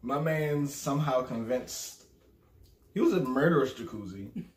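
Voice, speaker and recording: A man's voice: medium pitch, animated, a little slow, reverberant. A man chatting as a guest, laid-back and joking, laughing a lot. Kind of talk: casual chat.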